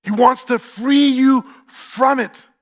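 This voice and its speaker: A man's voice: extremely high pitch, steady tone, slow, fairly bright tone. A man with a New York accent preaching a sermon as pastor, emphatic, repeating key phrases and asking the congregation questions.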